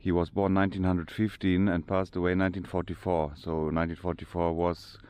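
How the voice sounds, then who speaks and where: Deep flat-voiced German man vlogging. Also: clean tone, no echo. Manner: halting, searching for English words, many restarts. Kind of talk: casual walking tour narration. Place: outdoor cemetery.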